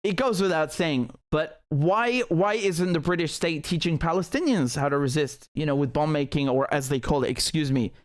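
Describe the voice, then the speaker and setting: Male political streamer, slightly high-pitched, heated and sarcastic, restarts often. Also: normal speed, hardly any pauses. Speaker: host of a live political stream. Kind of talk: live-stream commentary.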